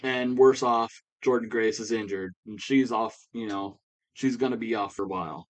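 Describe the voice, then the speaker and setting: A man voicing an indignant woman wrestler ranting about her ruined match in a loud, offhand paraphrase. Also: lowish voice, normal speed, close to an everyday voice. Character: angry woman wrestler demanding fair competition.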